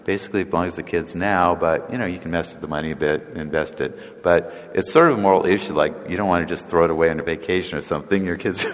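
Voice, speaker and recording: Casual low-voiced male preacher in a reverberant hall. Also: steady tone, fast, hardly any pauses. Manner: casual, chuckling, acts out voices of people in the stories. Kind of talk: conversational sermon.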